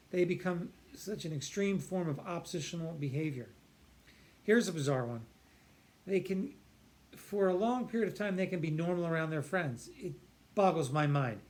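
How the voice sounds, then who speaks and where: A man's voice: high-pitched, a little mellow. A man, a psychiatrist, explaining earnestly and emphatically, stretching key words and often restarting his sentences. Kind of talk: explanatory talk to camera.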